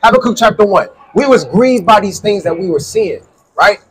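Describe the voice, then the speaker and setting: A man's voice: sits high, expressive, normal speed, low-quality recording. A man preaching in the street with call-and-response, insistently quizzing a listener and repeating his questions.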